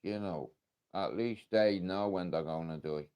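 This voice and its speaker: On a live stream, a man from Ireland speaks in a low, smooth, darkish voice at an unhurried pace. He tells a story in a casual way, emotional and blunt, with frequent swearing.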